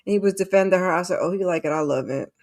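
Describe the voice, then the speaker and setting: A woman's voice: fairly low pitch, racing, a little mellow. A woman on a livestream panel giving sassy, emphatic opinions about a reality show. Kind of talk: casual reality-show recap chat.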